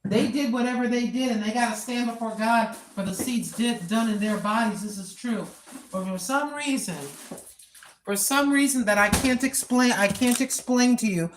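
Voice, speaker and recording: Her voice on the high side at normal speed, with a little hiss or hum, an American woman in her sixties vlogs on an outdoor walk. She gives earnest prayer and testimony, repeating herself in a preacherly style.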